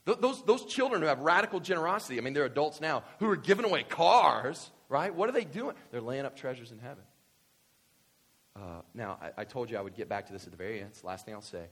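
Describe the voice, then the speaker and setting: A man preaching a sermon as pastor, animated, swinging from quiet explanation to loud excited bursts. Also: medium pitch, fast, breathy edge.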